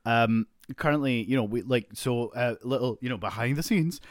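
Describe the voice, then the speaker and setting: A man's voice: medium pitch, moderate pace, no echo, studio quality. A man co-hosting a casual podcast over a video call, rambling with many fillers. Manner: rambling, hesitant. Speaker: podcast co-host.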